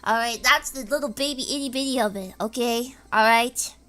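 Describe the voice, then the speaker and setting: A woman's voice: on the high side, normal speed, sharp tone. A woman streaming casually from home, rambling in an erratic way and breaking into screams and laughs. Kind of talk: casual live-stream chat.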